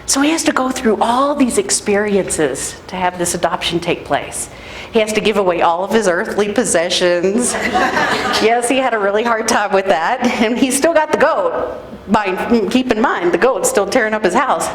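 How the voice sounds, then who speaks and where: A woman pastor giving a sermon in a conversational, animated storytelling way. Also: mid-range voice, normal speed. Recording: echoey room, faint noise.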